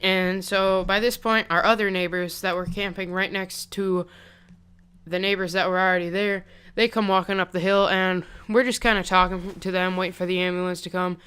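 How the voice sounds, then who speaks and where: Smooth-voiced young man telling a story. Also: high-pitched, flat delivery, normal speed, pushed and bright. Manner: rambling, chatty, heavy on "like". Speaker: vlogger. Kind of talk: casual storytime vlog. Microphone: pop-filtered desk mic.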